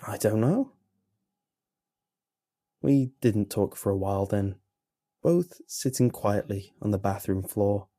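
A man narrating a horror story in a slow, grim, measured way. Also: lowish voice, dark tone, no echo, studio quality.

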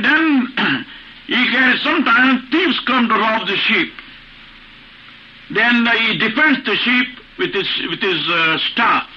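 A man preaching a sermon, repeating phrases for emphasis and asking rhetorical questions. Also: high-pitched. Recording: muffled old recording with faint hiss.

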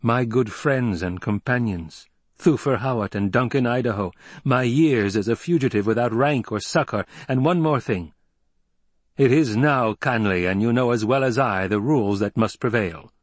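Male reader as a cold young duke, firm, husky, dry. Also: medium pitch, no echo, natural voice. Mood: cold resolve. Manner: measured, firm.

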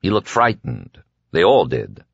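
A man reading an audiobook in measured scripted narration, quietly voicing the dialogue as he goes. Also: sits low, big pitch swings, vocal fry, husky, dry recording, dull audio.

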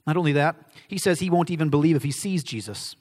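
Male pastor, sermon, high and lively voice, rhetorical questions, long hall echo. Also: fast. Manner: animated, acts out quoted voices, emphatic questions and answers.

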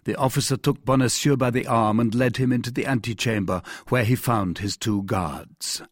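An audiobook narrator reads a novel aloud in a lively, animated manner, delivering scripted narration. His voice is mid-range and his pace moderate. The recording is dry, with clean studio sound.

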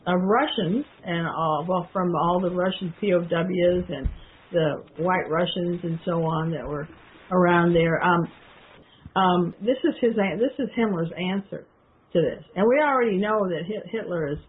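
A woman hosting a radio show, reading aloud from a historical speech and commenting on it in a halting way, with many ums and restarts. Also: fairly low pitch, slight background noise. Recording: tinny phone-like audio.

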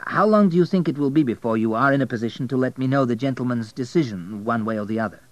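A man's voice: mid-range voice, fast talker, no echo, close to an everyday voice. A man playing an eager young immigrant hotelier.

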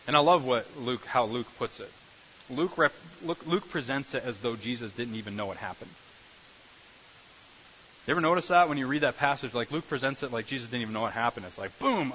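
A man preaching a sermon as a pastor, animated, repeating phrases and restarting sentences as he builds his points. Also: medium pitch, a little fast. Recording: dull recording with faint hiss.

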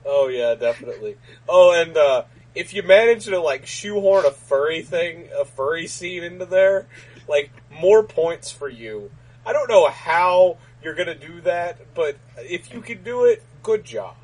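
Male podcast co-host, rambling and giggly, husky and slightly high voice. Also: lively intonation, measured pace, a little mellow, low-quality recording. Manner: rambling, lots of fillers and laughter. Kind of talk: casual comedic banter.

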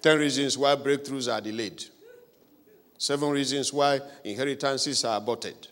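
A male preacher delivering a fervent revival sermon, shouting repeated calls for the congregation to pray aloud. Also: medium pitch, moderate pace, some chatter behind. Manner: fervent, repetitive exhortation.

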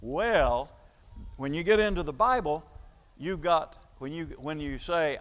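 A man's voice: on the high side, normal speed, fairly bright tone, big-room sound. A man preaching a sermon, explaining an idea step by step like a teacher, with frequent fillers and restarts. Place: church hall.

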